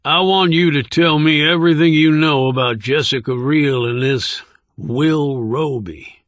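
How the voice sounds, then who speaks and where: A man voicing a menacing middle-aged male interrogator who speaks formally, slowly and with condescension. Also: fairly high pitch, a bit bright, dry recording. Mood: cold.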